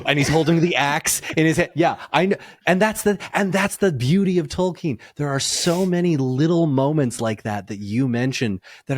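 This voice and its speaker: Animated man, excitable podcast guest. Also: a little high, moderate pace, hardly any pauses, no echo. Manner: excitable, laughs often, rambling tangents. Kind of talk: casual chat.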